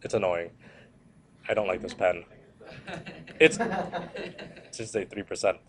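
A man's voice: lowish voice, slow pace, noisy background. A man teaching a history lecture to a class, repeating key points and joking with students. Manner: repetitive, animated, joking asides to students.

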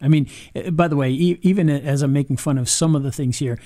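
A man casually reviewing software on screen, chatty, with frequent ums and restarts. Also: on the high side, fast, no room sound, clean studio sound. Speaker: video marketing reviewer.

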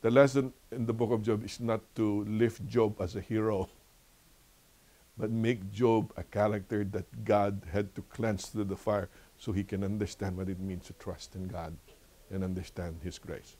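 An older man with a Filipino accent leading a church Bible lesson, telling stories with lively, preacherly repetition. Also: lowish voice, normal speed. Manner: animated storytelling, laughs often. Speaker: Bible study teacher.

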